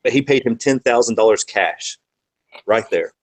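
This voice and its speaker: A man in a casual podcast chat who rambles through stories with plenty of swearing. His voice sits at an ordinary middle pitch, and his telling is lively and unfiltered. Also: normal speed, rough recording. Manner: profane, animated, rambling anecdotes. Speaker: podcast guest, wrestling manager.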